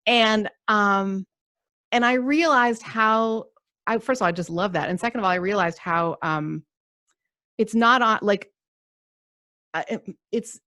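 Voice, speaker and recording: Animated, laughing woman podcast host. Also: medium pitch, a little slow, pauses often, dry recording, studio quality. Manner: animated, rambling storytelling with frequent laughter. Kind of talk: casual conversation.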